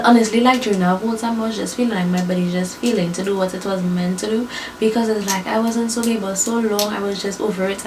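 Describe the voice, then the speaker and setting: A young woman telling her birth story to viewers in a lively, chatty way, often calling them y'all and laughing. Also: medium pitch, far from the mic, background noise.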